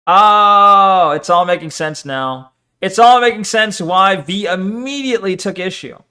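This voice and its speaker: High, bright-voiced man ranting mockingly. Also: measured pace, clean tone. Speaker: streamer reacting to a video. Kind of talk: casual reaction commentary.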